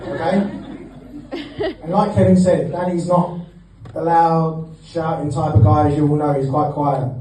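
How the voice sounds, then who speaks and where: A man with a mellow, somewhat high voice gives a joking best man speech at a wedding reception, teasing the groom and laughing between lines. The hall is echoey, the mic is at a distance, and there's a little hiss or hum.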